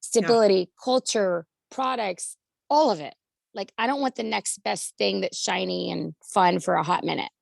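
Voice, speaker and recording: A woman giving enthusiastic feedback on a video call, speaking emphatically with a hoarse, gravelly voice. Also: mid-range voice, moderate pace, dry recording. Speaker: community member giving feedback.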